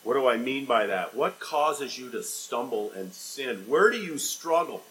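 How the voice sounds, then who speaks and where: A man preaching a sermon as a pastor, asking rhetorical questions and swinging between loud emphatic lines and quiet, low ones. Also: lively intonation, unhurried, rough recording. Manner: dynamic preaching with sharp swings in loudness and pitch, rhetorical questions.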